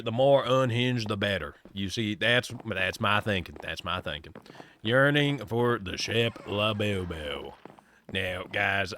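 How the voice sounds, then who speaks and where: Bright-voiced man in a joking cowboy drawl. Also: deep voice, slight background noise. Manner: joking, teasing the chat. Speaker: livestreamer. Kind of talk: casual live-stream chat while gaming.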